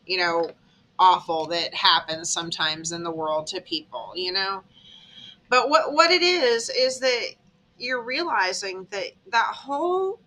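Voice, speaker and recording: A woman's voice: medium pitch, bright, forceful tone. A woman giving a casual tarot reading, telling it as a dramatic story and checking in with "okay?" along the way. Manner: chatty, dramatic storytelling, tag questions like "okay?". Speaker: tarot reader.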